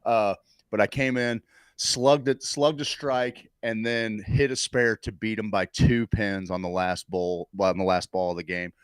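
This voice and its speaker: A man co-hosting a loose comedy podcast, teasing his friend with animated energy and swearing freely. His voice sits fairly low. The room sounds dry and close. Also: measured pace, clean tone, no echo. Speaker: podcast co-host. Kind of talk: casual chat.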